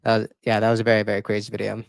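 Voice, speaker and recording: A man hosting his channel, reacting to his own past videos in casual commentary, excitable and emotional, often stumbling over and repeating words. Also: fairly low pitch, racing, gravelly, clear, resonant tone, no room sound. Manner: emotional, near tears. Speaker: YouTube political commentator.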